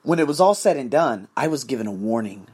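A man's voice: mid-range voice, expressive, quick pace, a little mellow, husky. A man hosting his own podcast, ranting in a profane, emphatic solo monologue. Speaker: podcast host.

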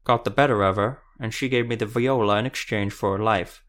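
Man playing a cold, gruff huntsman villain in an audiobook, low-pitched and surly. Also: brisk, fairly bright tone, natural voice.

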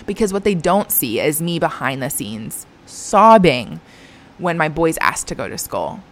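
Low-voiced woman, earnest and confiding. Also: very animated, a little slow. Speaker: Christian mom vlogger. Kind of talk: candid personal talk to camera.

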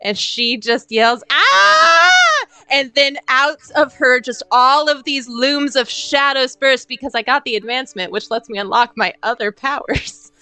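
A woman's voice: high voice, moderate pace, hardly any pauses, sharp tone, clean tone, no room sound, rough recording. A woman player in a tabletop role-playing game, narrating her character's actions dramatically.

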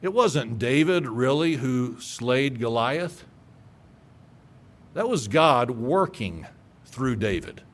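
A man's voice: mid-range voice, animated, slow, long pauses. A man preaching a sermon, reading scripture aloud and retelling it with emphatic storytelling.

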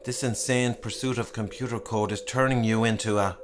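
A man doing a soft, weary wife. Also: lowish voice, steady tone, fairly quick, background noise, lightly acted. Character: calm, weary wife and mother. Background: music.

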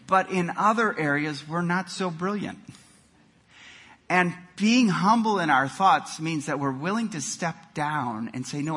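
A man preaching a sermon, telling jokes and stories with animated emphasis and frequent repeated words. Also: sits high. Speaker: pastor.

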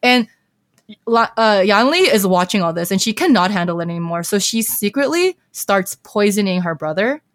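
A woman's voice: medium pitch, expressive, normal speed, dry recording. A young woman hosting a podcast, casually recapping a story in a chatty way with many fillers. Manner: chatty, heavy use of filler "like". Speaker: podcast host.

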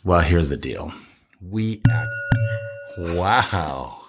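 A man's voice: low-pitched, animated, extremely slow, breathy edge. A man co-hosting a casual wine tasting show, chatty and rambling, laughing often.

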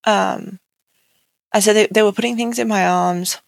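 A woman's voice: medium pitch, fairly even intonation, moderate pace, gravelly, dry recording. A young woman as an interview guest, telling her own story candidly and conversationally, with many "like" fillers. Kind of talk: personal account in an interview.

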